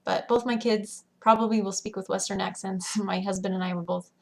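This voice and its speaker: A woman's voice: medium pitch, steady tone, gravelly, a little mellow. Woman, thirties, Western American accent, reads a word list, casual answers, hesitant fillers. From Washington State. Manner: plain, unhurried, with hesitant fillers. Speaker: elementary school teacher.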